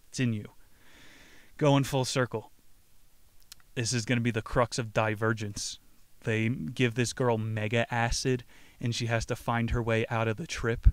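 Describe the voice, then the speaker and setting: A man's voice: medium pitch, clean tone, no echo. A man hosting a podcast who casually comments on a book and reads it aloud, rambling in profane slang. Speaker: podcast host.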